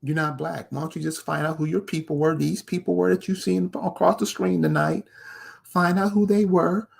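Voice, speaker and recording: A man's voice: sits high, fairly even intonation, normal speed, gravelly, slightly rough. A man delivering a confrontational commentary, firing rhetorical questions straight at the viewer. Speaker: online commentator. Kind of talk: ranting commentary to camera.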